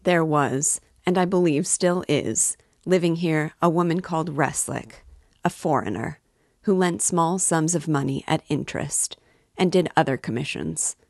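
A pompous middle-aged official lays out his case in formal, self-satisfied sentences, read by a woman. The voice sits low and unhurried. The sound is dry and close. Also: no room sound. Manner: formal, measured, self-important.

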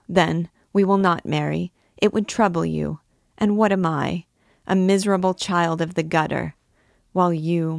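A woman's voice: on the low side, creaky, dry recording, clean studio sound. A woman reading the lines of a young, passionate gypsy dancing girl, pleading and lovestruck.

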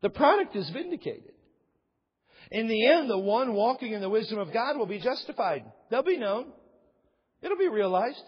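A man's voice: very high-pitched, animated, normal speed, slightly rough. A man preaching a sermon emphatically, repeating key phrases for weight, with an aside now and then. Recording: long reverb, dull lo-fi sound.

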